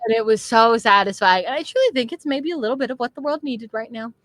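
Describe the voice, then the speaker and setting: A woman running a tabletop game as game master, narrating with animated swings in energy and frequent laughter. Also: a little high, quick pace, no room sound.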